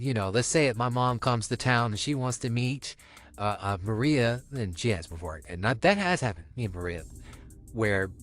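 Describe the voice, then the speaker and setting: A young man co-hosting a podcast, talking casually and easygoing about dating and his girlfriend. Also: mid-range voice. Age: young adult. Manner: easygoing, rambling with restarts. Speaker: podcast co-host.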